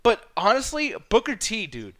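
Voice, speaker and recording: A man co-hosting a wrestling reaction show in animated, profane chat, often mimicking commentators in mock voices. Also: sits high, moderate pace, a crowd in the background. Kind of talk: casual chat.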